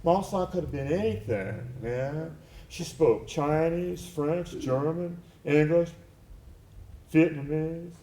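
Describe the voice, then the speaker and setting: On a stage, a man performs a one-man theatrical monologue, recounting his story in a tender, reflective and wry way. His voice sits on the higher side and comes out slow and mellow. The live theater recording is echoey.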